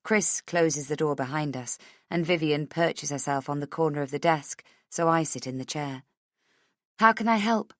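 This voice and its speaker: A woman's voice: deep voice, steady tone, moderate pace, few pauses, dry recording, studio quality. A woman reading a thriller audiobook in first person, with a tense, anxious inner voice. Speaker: audiobook narrator. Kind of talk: scripted first-person narration.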